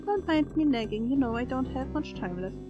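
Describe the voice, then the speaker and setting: A gentle, chatty old lady from a horror game, voiced by a woman. She is polite and motherly and calls everyone dear. Her voice sits a little high, with game music behind. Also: expressive, a little fast, highs cut off. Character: frail elderly woman test subject, gentle and chatty. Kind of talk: game character voicing while playing.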